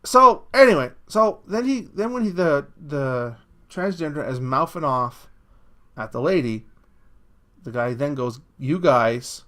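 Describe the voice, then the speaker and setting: A man with a voice pitched a little high for a man, ranting to camera in a blunt, crude way. He rambles and restarts his sentences, stopping often to ask "okay?" as he makes his case. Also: animated, measured pace, sharp tone. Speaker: vlogger. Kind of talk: opinion rant.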